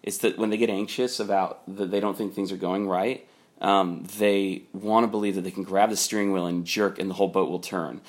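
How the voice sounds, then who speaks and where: A man's voice: low voice, fairly even intonation, fairly quick. A man casually telling a long personal story about his boss, rambling with many fillers. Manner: rambling, many "like" fillers, quotes people in raised voice. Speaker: storyteller recounting a work conflict.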